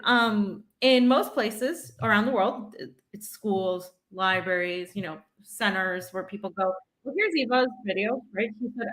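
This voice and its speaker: A woman's voice: mid-range voice, a bit bright, rough recording. A woman co-hosting a political commentary show who explains earnestly, with frequent fillers. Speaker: co-host.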